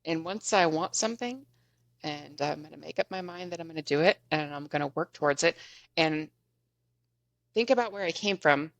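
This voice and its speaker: A woman podcast guest telling a story in an animated, chatty way, often laughing as she goes. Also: sits low, normal speed, gravelly, no room sound. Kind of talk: casual storytelling.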